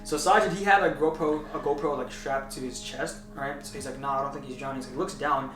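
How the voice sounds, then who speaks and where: A young man telling a story in casual chat, animated and tagging his lines with "right?". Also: medium pitch, fast, over music. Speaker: vlogger. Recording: echoey room, mic at a distance.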